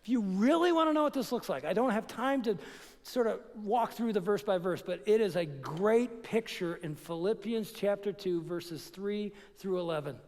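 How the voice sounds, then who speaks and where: A man preaching on marriage in a conversational, energetic way that builds into fired-up urging. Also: high voice, moderate pace, big-room sound. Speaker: pastor teaching on marriage. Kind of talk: sermon.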